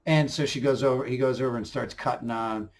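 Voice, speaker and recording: A man hosting a TV review channel talks briskly, casually, and excitedly, acting out scenes as he goes. He swings from low mutters to loud bursts, with slight background noise in the recording.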